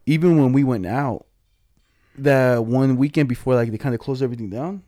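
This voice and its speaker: A man's voice: a little fast, no room sound, studio quality. A young man chatting casually with a friend, recounting a party in slangy, swearing talk and acting out what people said. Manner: animated storytelling, acting out quotes in a higher voice. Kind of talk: casual chat.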